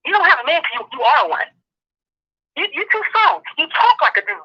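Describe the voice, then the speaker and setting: A woman guest on a talk show, delivering a passionate, profane, rapid-fire rant of social commentary. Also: high voice, sing-song, pushed and bright. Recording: dull lo-fi audio.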